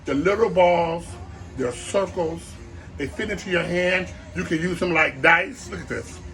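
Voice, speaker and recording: Bright-voiced man hosting a comic cooking show. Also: high-pitched, a little slow, faint music behind. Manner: playful, rambling asides while chopping. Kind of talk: rambling comic cooking vlog.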